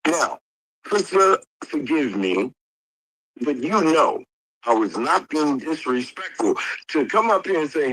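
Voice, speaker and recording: A man's voice: a little high, sing-song, unhurried, fairly bright tone, no echo, low-quality recording. A man arguing furiously on a livestream call, cursing and repeating insults over and over. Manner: angry, profane, repeats insults. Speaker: livestream participant. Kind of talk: heated livestream argument. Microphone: streaming call mic.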